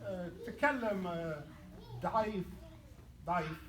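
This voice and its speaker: Man, student, fairly high voice, halting reading with fillers, distant echoey classroom. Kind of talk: hesitant reading practice.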